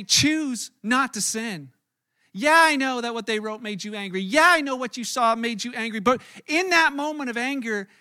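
A man's voice: very high-pitched, bright, forceful tone. A male pastor giving a conversational sermon, earnest and casual, often restarting and adding asides.

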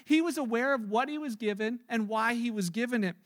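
High-voiced man preaching a sermon. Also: brisk, few pauses. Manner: animated storytelling, acting out the people in it. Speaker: pastor.

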